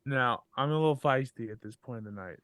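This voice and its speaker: A man's voice: medium pitch, fast, dry recording. Joking man, dry close sound. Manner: joking, animated storytelling about drinking. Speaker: podcast co-host. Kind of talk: casual chat.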